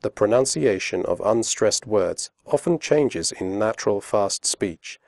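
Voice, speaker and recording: A man with a British accent teaching English pronunciation, modelling words and sounds slowly and clearly for learners. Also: fairly low pitch, animated, darkish tone, dry recording, studio quality. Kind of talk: scripted instructional narration.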